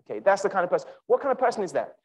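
Man, sermon to university students, emphatic, animated, wide pitch swings, slow repeated key lines. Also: low-quality recording. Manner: addresses listeners directly by name. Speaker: conference speaker.

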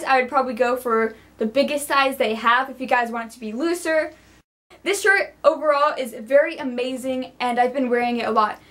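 A young woman with a high, bright-sounding voice records a casual review vlog at home. She is bubbly and chatty and speaks straight to her viewers, as if catching up with friends. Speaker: vlogger.

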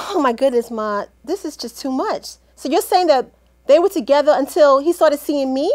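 A high-voiced woman with a lively, swooping delivery, acting out a one-woman comedy skit. She plays every scene herself, talking to partners no one hears, with sassy, dramatic flair. Her voice jumps around a lot as she reacts. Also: moderate pace.

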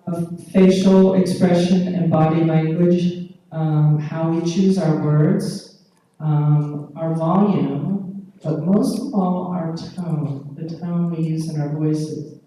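In an echoey hall recorded from a distant mic, a female conference speaker lectures in a low, dark voice with fairly even intonation. Her explanations are patient, sprinkled with pauses and fillers and frequent "okay?" check-ins with the audience.

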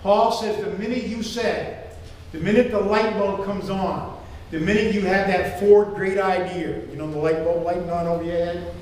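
An older man preaching a sermon as pastor, joking and animated. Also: high-pitched, moderate pace. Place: church sanctuary. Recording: echoey church hall from far off.

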